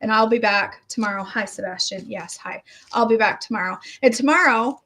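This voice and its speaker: A woman's voice: a little high, a little fast, pushed and bright. A middle-aged woman chatting casually as a health coach vlogger, rambling and self-deprecating as she talks to her viewers. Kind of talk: casual chat.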